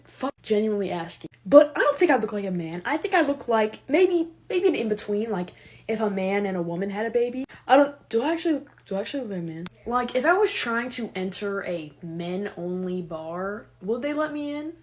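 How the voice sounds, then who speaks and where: A young woman doing a casual, sarcastic comedic monologue, animated and quick to laugh. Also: mid-range voice, husky. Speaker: comedic creator.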